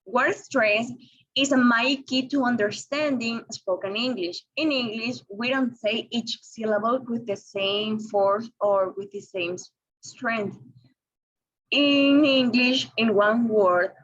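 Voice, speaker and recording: A young woman whose first language is Spanish presents an English lesson slowly and deliberately, with small restarts along the way. Her voice sits a little high. The recording sounds dull and lo-fi. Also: fairly bright tone. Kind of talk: read-aloud lesson presentation.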